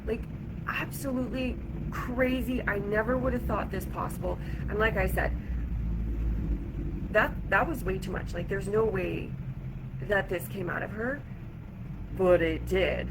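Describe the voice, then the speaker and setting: A woman vlogging to camera, chatty and animated as she retells an irritating day, with lots of "like". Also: mid-range voice, background noise. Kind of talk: casual storytelling to camera. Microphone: camera or phone mic.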